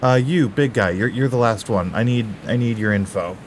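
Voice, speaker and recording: A man's voice: medium pitch, moderate pace, a little hiss or hum, close to an everyday voice. A man doing a chatty, laid-back town guard. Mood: easygoing.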